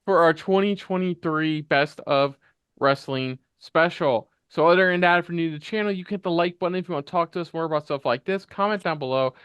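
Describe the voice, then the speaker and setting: A man's voice: on the high side, a little fast, a bit bright, smooth, no room sound, lo-fi sound. A man hosting a casual panel show, signing off with an upbeat plug for the channel. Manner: upbeat promotional sign-off. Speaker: host.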